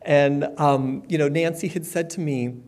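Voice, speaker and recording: A middle-aged man giving a personal testimony at a support meeting, candid and conversational, with fillers and the odd soft laugh. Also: a little high, fairly even intonation, a little slow. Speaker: speaker sharing his recovery story.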